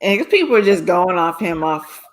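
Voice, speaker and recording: A podcast co-host in casual sports chat, with slow, drawn-out, animated reactions. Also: mid-range voice.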